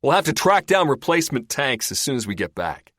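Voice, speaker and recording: A loud, commanding team leader, put on by an audiobook narrator. He speaks in brisk orders. The sound is dry and close. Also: mid-range voice, sing-song, no room sound, voice pushed up.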